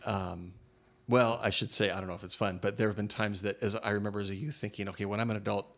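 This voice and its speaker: A man hosting a conversational interview, speaking thoughtfully and haltingly with many fillers. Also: lowish voice, little pitch movement, a bit bright. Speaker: podcast host interviewer.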